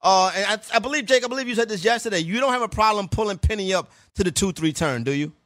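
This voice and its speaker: A man hosting a fantasy football call-in show, quick and upbeat, steering the panel. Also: sits high, lively intonation, fairly bright tone, dry recording, studio quality. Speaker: radio show host.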